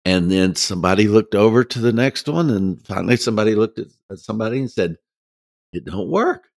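Gravelly deep-voiced man telling a story. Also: dry recording, studio quality. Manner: folksy, halting, many restarts, laughs. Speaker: guest. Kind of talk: storytelling in a casual interview.

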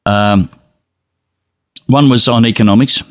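A man's voice: mid-range voice, measured pace, no room sound, clean studio sound. A man hosting a casual chat, a chatty storyteller who laughs easily. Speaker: host.

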